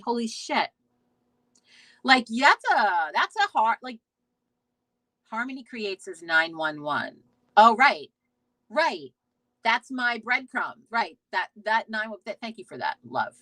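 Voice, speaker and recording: A woman's voice: a little high, sing-song, slow, long pauses, sharp tone, no echo, rough recording. A woman hosting a casual live stream, chatting in a rambling way, reading out viewer comments, swearing freely and restarting her sentences. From United States. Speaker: host of a witchcraft talk stream.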